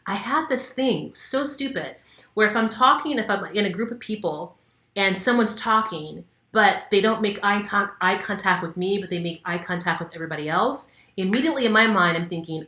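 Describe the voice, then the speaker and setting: Bright-voiced woman in an echoey room. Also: mid-range voice, expressive, brisk. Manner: candid and conversational, with many fillers. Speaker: wellness coach. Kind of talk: casual instructional talk to camera.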